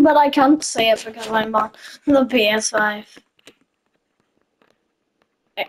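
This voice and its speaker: A young woman giving chatty, giggly commentary while playing a video game, easily excited and laughing often. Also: sits high, a little hiss or hum, rough recording. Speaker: gamer. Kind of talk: casual gameplay commentary.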